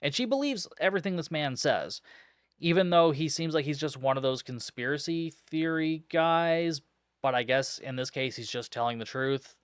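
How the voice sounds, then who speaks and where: This podcast host's movie recap is laid-back, sarcastic, exasperated and packed with profanity. He speaks at a normal speed in a voice on the high side, clear and resonant, with clean studio sound and no room tone.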